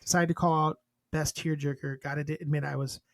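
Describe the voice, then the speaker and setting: A man's voice: on the high side, flat delivery, brisk, no echo. Joking man reading a list, dry sound. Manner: joking and crude, reading a list aloud with asides. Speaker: podcast co-host. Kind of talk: casual chat.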